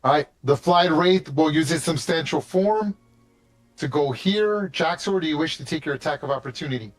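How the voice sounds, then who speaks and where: Chatty game master, higher male voice. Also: moderate pace, faint music behind. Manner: casual, chatty, swears lightly. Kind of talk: narrating a tabletop game.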